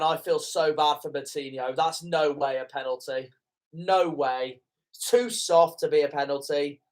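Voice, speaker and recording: A young man calls a football match live in a fan reaction commentary, his voice sitting a touch higher than most men's. He grows indignant and swears at calls he thinks are wrong.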